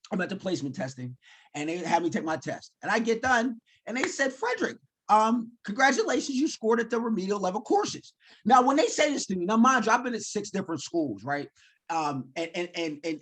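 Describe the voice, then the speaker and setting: A man in his forties, telling his life story in a keynote talk and acting out his own lines. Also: a little high. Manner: animated storyteller, acts out his own quotes. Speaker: keynote speaker.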